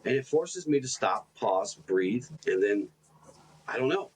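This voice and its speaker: A man co-hosting a podcast in casual reflective chat, animated and self-deprecating in his stories, often repeating his words. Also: fairly low pitch, measured pace, husky, low-quality recording. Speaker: podcast co-host.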